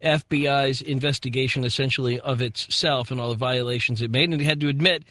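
A man hosting a radio call-in show, moving callers along briskly. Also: medium pitch, fairly even intonation, pushed and bright, no room sound. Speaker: radio talk show host.

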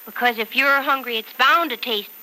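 An actress playing a nervous, giggly young newlywed wife in a 1940s radio drama, recorded on an old radio transcription. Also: female voice, on the high side, normal speed, sharp tone, low-quality recording. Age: young adult. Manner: giggly, fretful, sweet.

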